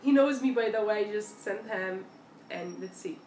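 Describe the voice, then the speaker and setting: A young woman with an unhurried, mid-range voice chats with her live-stream audience, fielding their questions casually. She tells stories animatedly and acts out quotes, while the room sounds echoey with faint noise behind her.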